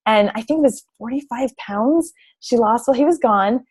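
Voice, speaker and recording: A woman's voice: fairly high pitch, normal speed, a little mellow, husky. A young woman coaching fitness, giving a bubbly, gushing presentation over slides, full of "like" and "oh my gosh".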